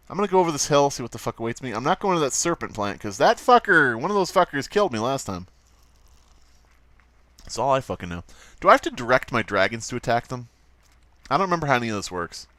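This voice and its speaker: A man's voice: mid-range voice, a bit bright, no room sound. A man hosting a let's play, giving rambling, profane, wry commentary over gameplay.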